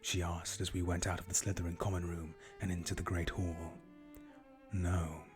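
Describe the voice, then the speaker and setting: A man reading a fan story aloud in a deadpan voice, with groaning asides between chapters. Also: low-pitched, quick pace, music in the background. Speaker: streamer reading a fanfic aloud. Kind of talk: mocking dramatic reading.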